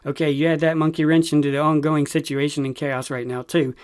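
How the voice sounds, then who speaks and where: A man's voice: a little high, flat delivery, fairly quick, a little mellow, smooth. A man hosting a Christian news briefing, reading headlines aloud and commenting on them with emphasis. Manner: reads news quotes then comments emphatically. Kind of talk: news commentary read-through.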